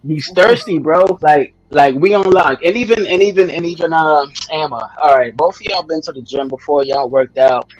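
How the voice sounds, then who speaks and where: A man's voice: fairly high pitch, moderate pace, few pauses, muffled recording. A man telling a rambling, slangy story in casual chat, laughing often. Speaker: podcast host telling a story.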